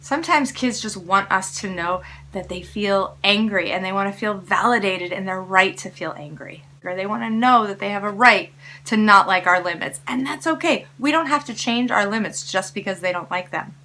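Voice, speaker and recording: Bright-voiced woman coaching parents. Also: mid-range voice, moderate pace, hardly any pauses, a little hiss or hum. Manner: encouraging, coaching tone addressing viewers directly. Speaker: parenting educator and host. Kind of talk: casual spoken tips to camera.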